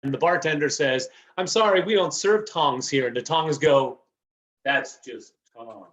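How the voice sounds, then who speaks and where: A man playing an improv joke-telling game on a video call, with dry, quick punchlines. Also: fairly high pitch, expressive, a bit bright. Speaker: improv player. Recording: roomy, muffled call audio.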